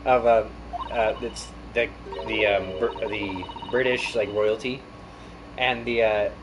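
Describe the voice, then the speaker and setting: A man chatting casually while playing a game, laughing a lot and rambling excitedly. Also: lowish voice, slow pace, background noise. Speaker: game show host. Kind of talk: casual gameplay banter. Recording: game music playing behind.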